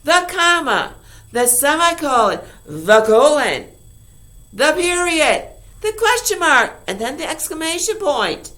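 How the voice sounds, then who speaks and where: A woman teacher reviewing a lesson for her class, upbeat and emphatic, full of rhetorical questions and quick "okay?" checks. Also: high-pitched, big pitch swings, sharp tone. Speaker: high school English teacher.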